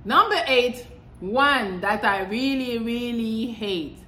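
A woman's voice: on the high side, expressive, takes it slowly, bright, forceful tone. Blunt, profane woman podcaster, echoey room. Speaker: podcast host. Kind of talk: casual monologue. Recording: echoey room with faint ambience.

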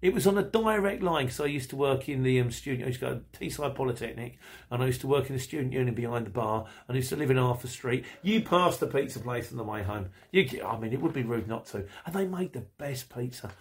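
A man's voice: mid-range voice, lively intonation, quick pace. A middle-aged man hosting a podcast, chatting casually and rambling while he reads out listener messages, laughing often. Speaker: podcast host.

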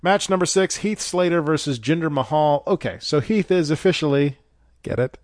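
A man's voice: on the high side, moderate pace, no room sound. A man hosting a podcast, reading a scripted wrestling recap with dry, sarcastic, profane asides. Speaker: podcast host reviewing wrestling shows.

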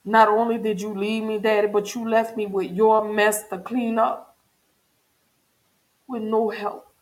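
A woman's voice: mid-range voice, level tone, measured pace. A grieving woman talks openly and earnestly to her viewers in an emotional personal check-in, repeating phrases for emphasis. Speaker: vlogger.

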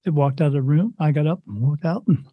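A man with a slightly high voice tells a long personal story as an interview guest. He rambles, acts out the dialogue and throws in little sound effects as he goes. The recording is dry and dull, like lo-fi audio. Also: fast, slightly rough, no room sound. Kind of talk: casual storytelling.

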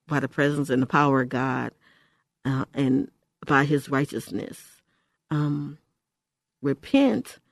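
A woman's voice: low-pitched, a little mellow, no room sound. Older woman, Christian radio host, emphatic, exhorting; dry close studio sound. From Houston, Texas. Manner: emphatic, exhorting, repeats phrases. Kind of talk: radio ministry talk.

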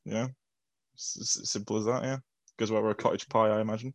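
A man's voice: on the low side, level tone, quick pace, very noisy. A man in a casual podcast chat, speaking in an easygoing, plain way.

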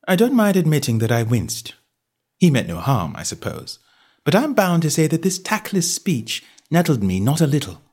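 A man's voice: on the high side, very animated, moderate pace, darkish tone, husky. A man narrating a comic novel in the first person, with jaunty, wry storytelling and varied character voices. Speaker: audiobook narrator.

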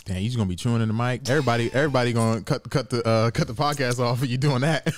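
A man's voice: medium pitch, very animated, quick pace. A man co-hosting a podcast, laid-back and teasing in casual chat, laughing often. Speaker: podcast co-host. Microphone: studio mic.

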